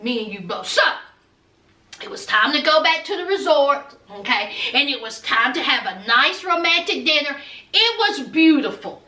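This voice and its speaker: A woman giving an animated, sassy, gossipy recap of a reality show, laughing often. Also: high-pitched, moderate pace, distant mic. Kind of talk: casual gossipy commentary. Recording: echoey room, off mic.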